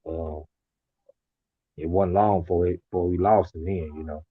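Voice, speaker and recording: A man talking casually and reflectively, telling stories in a relaxed colloquial way. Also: deep voice, moderate pace, slightly rough, no echo. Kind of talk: casual conversation. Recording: tinny phone-like line.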